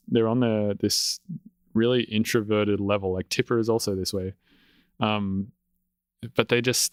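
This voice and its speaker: A man's voice: mid-range voice, clear, resonant tone, dry recording. A man talking in a casual podcast conversation as an electronic music producer, laid-back and rambling, swearing freely, on a close studio mic.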